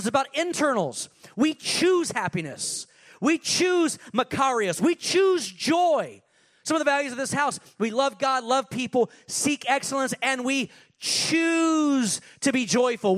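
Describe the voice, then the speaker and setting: A man preaching a sermon, energetic, with casual asides and put-on voices. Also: extremely high pitch. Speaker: pastor.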